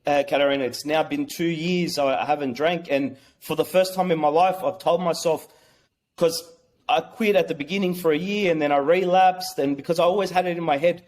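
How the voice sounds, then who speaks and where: A young man telling a personal story as a podcast guest, excited and swearing, often restarting his sentences. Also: a little high, a little fast.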